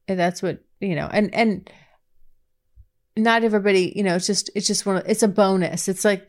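A woman hosts a podcast and answers listener questions in a loose, candid way. She often restarts her sentences and lets out breathy exclamations. Her voice sits in the middle range. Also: medium pitch, darkish tone. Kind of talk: casual chat.

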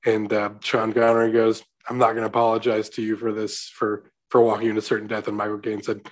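A man hosting a casual movie discussion, teasing his co-hosts and retelling scenes in a lively way. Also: lowish voice, brisk. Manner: joking, teasing, animated retelling. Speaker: podcast host.

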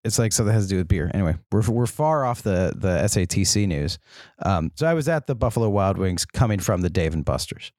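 A man in a relaxed podcast chat, speaking in a low voice. He tells his story in a winding, rambling way with lots of ums. The sound is dry and close. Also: fast talker, no echo. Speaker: podcast co-host. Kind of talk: casual chat.

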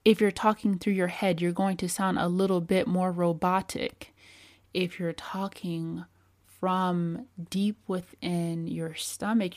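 Woman host, slightly low voice, measured and calm, coaching listeners. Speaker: podcast host. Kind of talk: advice talk on voice and attraction.

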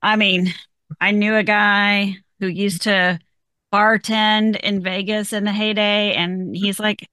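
A chatty woman podcast host with a bright, forceful voice, telling stories in an animated way and laughing often. Her sound is dry and close, with little room around it. She keeps things casual and easygoing. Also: mid-range voice, slow pace, clean tone, dry recording. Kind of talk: casual chat.

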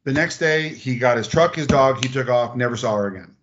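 Man, podcast guest, blunt storyteller, acts out quotes, mid-pitched, slightly muffled sound. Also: a little fast, background noise. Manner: animated retelling with quoted voices, blunt swearing. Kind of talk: casual storytelling chat.

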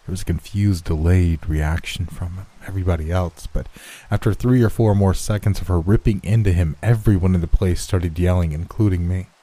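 A man narrating horror stories in a measured, steady scripted reading. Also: low-pitched.

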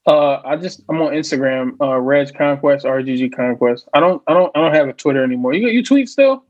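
A man's voice: a little high, animated, a little fast, lo-fi sound. A man who is a podcast guest, talking laid-back and slangy in casual chat.

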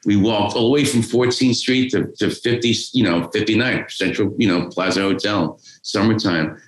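As a guest on a podcast, a man tells a rambling, profane story in a casual style. He speaks at normal speed in a lowish voice, and the recording has a roomy echo.

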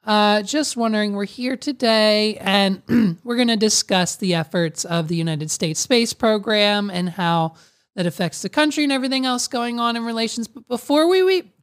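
A woman putting on a mocking impression of a woman politician at a podium, halting and grandly eager as she rambles. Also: mid-range voice, close to an everyday voice. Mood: overeager.

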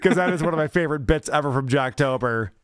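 A man's voice: on the high side, fast, smooth, dry recording, clean studio sound. A man hosting a podcast, giving wry, sarcastic commentary on viewer clips. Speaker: podcast host. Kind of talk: casual podcast chat.

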